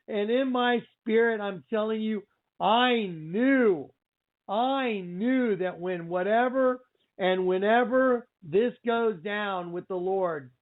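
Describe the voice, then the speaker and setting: A man hosting a religious talk radio show, telling a story in an excitable, exclaiming way with lots of repeated phrases. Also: sits high. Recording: tinny phone-like line.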